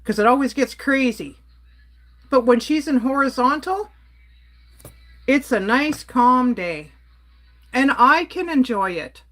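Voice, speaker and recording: A woman's voice: high-pitched, expressive, slow pace, long pauses, fairly bright tone. A woman from Canada ranting on a casual livestream, exasperated and blunt while she reads and answers her chat. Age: adult.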